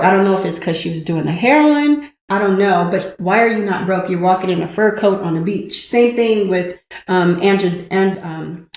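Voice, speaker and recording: A woman co-hosting a casual movie review chat, talking in an animated way and acting out scenes. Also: mid-range voice. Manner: animated, acts out movie scenes in quoted voices. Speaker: podcast co-host. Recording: echoey room.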